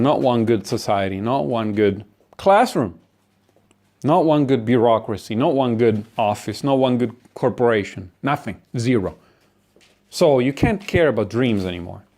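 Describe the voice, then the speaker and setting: A man's voice: medium pitch, expressive, unhurried, a little mellow. A man delivering a profane, sardonic comedic rant about philosophy and human existence. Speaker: monologuist.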